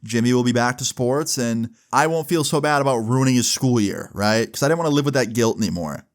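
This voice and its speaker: A man's voice: mid-range voice, brisk. Casual cussing storytime guy. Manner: casual, profane, filler-heavy. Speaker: vlogger telling a personal story. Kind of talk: storytime vlog.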